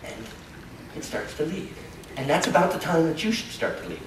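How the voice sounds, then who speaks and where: In a large, echoey hall, a nature lecturer gives a playful live talk about wildlife, cracking jokes along the way. His voice is on the high side and sing-song, at a normal speed. The recording is noisy and captured from far off.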